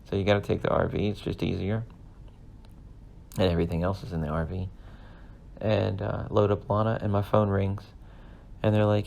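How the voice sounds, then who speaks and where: Podcast host, thirties man, low and gravelly, earnest rambling storyteller. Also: flat delivery, normal speed, long pauses, a little mellow. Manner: rambling, earnest, emotional at times. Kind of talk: casual storytelling monologue.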